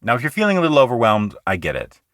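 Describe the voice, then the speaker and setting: A man hosting a poetry podcast, explaining meter in an earnest, conversational teaching manner that shifts between quick asides and slow, deliberate reading. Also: medium pitch, wildly swooping pitch, fairly bright tone, no room sound, studio quality. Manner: earnest, explanatory, slows down to recite lines rhythmically.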